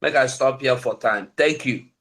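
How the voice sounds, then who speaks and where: A man's voice: mid-range voice, moderate pace, a bit bright. A Nigerian man with an accent mixing Pidgin into his English, giving an impassioned, preaching political talk on an online call. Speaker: invited speaker on an online call.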